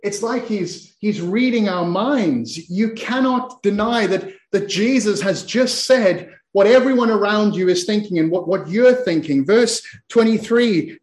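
A man preaching a sermon, retelling a scripture scene, often repeating and restarting words and slowing down for emphasis. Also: high-pitched, a little mellow, roomy sound.

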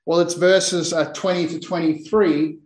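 A man's voice: fairly high pitch, fairly even intonation, a little slow, roomy sound, poor audio. A man preaching a sermon in earnest, often repeating and restarting his words.

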